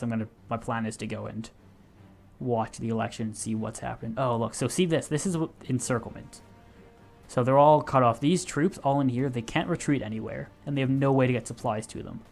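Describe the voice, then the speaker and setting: A young man with a gravelly, fry-edged voice talks through a strategy game, explaining each move as he goes and stopping to correct himself. His pitch sits in the ordinary middle, and soft music plays quietly behind him. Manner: thinking aloud, explaining as he clicks, self-correcting. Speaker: gaming video host. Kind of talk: casual strategy game commentary.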